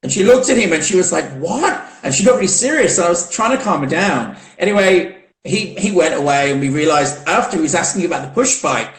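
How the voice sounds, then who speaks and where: A man's voice: sits high, animated, quick pace, hardly any pauses. A man hosting a casual live video chat interview, chatty and giggly, with lots of fillers and restarts. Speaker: host. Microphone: video call. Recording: roomy echo on a video call.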